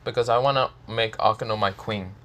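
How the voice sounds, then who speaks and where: A man's voice: fairly low pitch, fairly even intonation, brisk, a bit bright, lightly acted. A man voicing a cocky young male hero turned dragon, casual and hesitant, in a fan story reading. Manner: casual, hesitant, filler-heavy.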